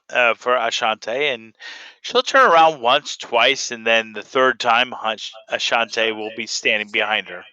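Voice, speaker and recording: A man narrating as game master of a tabletop game, describing the scene in a brisk, matter-of-fact way. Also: medium pitch, pushed and bright, clean tone, no room sound, highs cut off.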